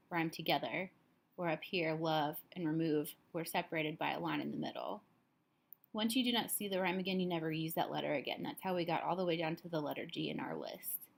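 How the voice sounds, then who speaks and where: Calm and a little tired, a woman teacher with a fairly low pitch walks students step by step through a recorded lesson.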